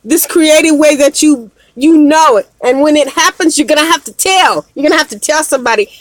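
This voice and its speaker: A woman's voice: high-pitched, fairly bright tone, no echo. A woman doing a live oracle card reading, talking in an emphatic, repetitive way and often laughing. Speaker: card reader.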